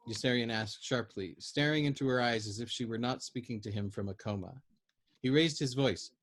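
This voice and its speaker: A man's voice: medium pitch, normal speed. Man reading a novel aloud. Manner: steady storytelling, occasional throat clearing and slips. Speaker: audiobook reader.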